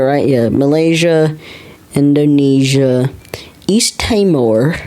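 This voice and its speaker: A geography vlogger from the United States gives casual commentary while naming countries on a map, sounding unsure, thinking aloud and often repeating the names to himself. His voice is fairly high with a dark tone, and the recording is rough.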